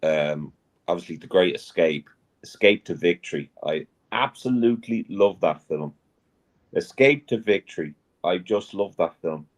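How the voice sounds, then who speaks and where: A man's voice: sits low, expressive, moderate pace. A man chatting casually about films on a live stream, sharing trivia.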